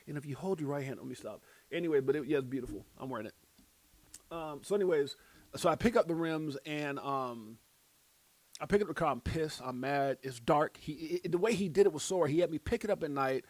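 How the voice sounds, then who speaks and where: A man's voice: a little high, no echo. A middle-aged man rambling through a casual livestream chat, telling stories with lots of fillers. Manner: rambling, many fillers, tells anecdotes. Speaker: crypto livestream host. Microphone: phone and smart glasses.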